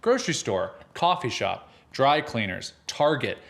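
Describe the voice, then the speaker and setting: A man's voice: medium pitch, big pitch swings, unhurried, vocal fry, a bit bright. A young adult man co-hosting a podcast, chatting casually and ranting with emphatic humor. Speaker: podcast co-host. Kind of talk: casual chat.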